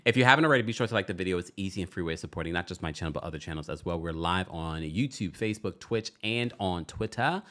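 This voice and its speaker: Lively low-voiced man hosting a live stream. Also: fast talker, few pauses. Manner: chatty, reads viewer comments aloud. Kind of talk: casual live recap chat.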